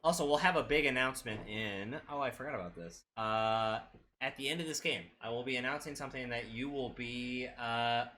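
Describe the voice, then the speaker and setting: A man's voice: mid-range voice, fairly quick, pushed and bright, slight background noise. A man co-hosting a card game stream, talking casually and joking with swearing, worn down by the heat. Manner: joking, swearing, laid-back. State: hot and sweaty. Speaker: stream co-host playing the game.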